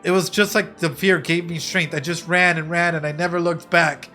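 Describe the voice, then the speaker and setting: A man voicing a scared young survivor in a game, telling a story in a shaken, hushed way. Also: a little high, steady tone, moderate pace, soft background music. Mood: fearful. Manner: hushed and shaken, then pleading and panicky. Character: young frightened survivor recounting an escape.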